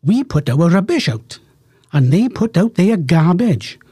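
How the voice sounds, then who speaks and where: A man's voice: high voice, big pitch swings, unhurried, dark tone, husky, dry recording. A man presenting a live radio show in a studio, chatting jovially with rambling, self-mocking asides. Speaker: radio host. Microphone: studio microphone.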